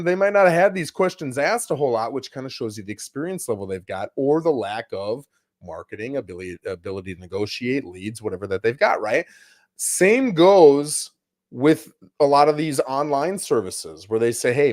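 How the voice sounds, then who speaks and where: Male co-host, lively swooping delivery, casual advice talk, plays out client quotes. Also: mid-range voice. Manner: animated, acts out client quotes. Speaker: real estate broker co-host.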